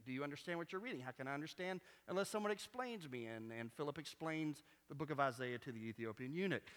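Male pastor preaching, bright high voice, swings from quiet teaching to loud appeals, church sanctuary. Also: in a large hall. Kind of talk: sermon.

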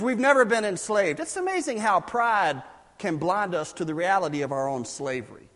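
A man preaches in a high, bright-toned voice, swinging between quiet asides and loud, emphatic bursts. His words ring out with a long reverb, as if recorded in a large hall. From South Carolina, US. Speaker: pastor. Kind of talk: sermon.

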